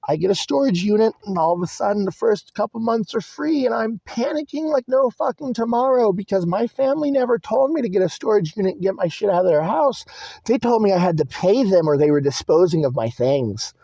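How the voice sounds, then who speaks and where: A man's voice: high voice, lively intonation, a little fast, gravelly, warm tone, no echo. A young man venting in a rambling, agitated monologue from inside his car, swearing and repeating himself. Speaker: vlogger. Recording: dry, muffled lo-fi recording.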